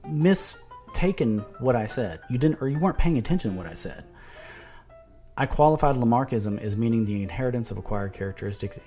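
Man arguing his case over soft music. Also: mid-range voice. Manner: repeats and restarts words, reads quotes aloud, sarcastic. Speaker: video commentator. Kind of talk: argumentative video monologue.

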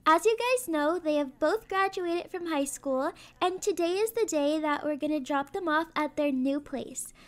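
A woman hosting her channel, narrating a family roleplay in a game in a cheerful, chatty way. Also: extremely high pitch. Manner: cheerful, chatty storyteller voicing family members. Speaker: YouTube roleplay host.

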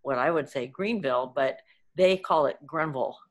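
A woman's voice: deep voice, normal speed. A woman in a casual video-call chat who laughs easily. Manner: laughing, animated.

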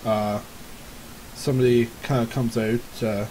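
A man's voice: medium pitch, moderate pace, a little mellow, slight background noise, rough recording. A man running a tabletop game as game master, narrating in a hesitant way with many fillers.

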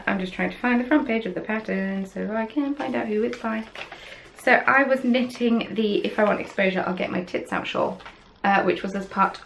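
A woman hosts her podcast in a loose, rambling chat, poking fun at herself as she goes. Her mid-pitched voice carries a gravelly fry. She sounds recorded at home on a camera. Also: a little hiss or hum, rough recording. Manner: chatty, rambling, self-deprecating. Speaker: podcast host. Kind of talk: casual chat.

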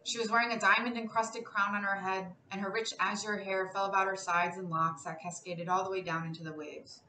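A woman's voice: lowish voice, recorded from a distance. Woman reading a story aloud. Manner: measured, expressive storytelling. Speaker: classics professor reading aloud. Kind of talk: literary reading. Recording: roomy, a bit off-mic, faint noise.

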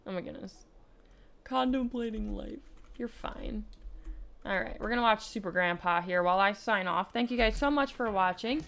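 A woman's voice: a little high, animated, measured pace. A young woman giving casual let's play commentary, playfully bossing around the characters in her game. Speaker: gaming YouTuber.

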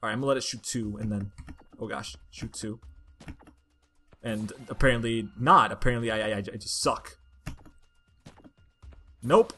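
A woman giving casual commentary over a platformer, talking to herself in frustration and bursting into loud complaints. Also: very deep voice, moderate pace, long pauses, soft background music. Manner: exasperated, frustrated self-talk that bursts into loud outbursts. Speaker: let's play gamer.

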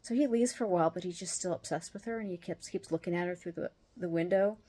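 A woman hosting her own show, telling a personal story in a casual, animated way and laughing as she goes. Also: on the low side, fast talker. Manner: animated, acts out the other people's lines as she retells them; laughs often while telling. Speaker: host.

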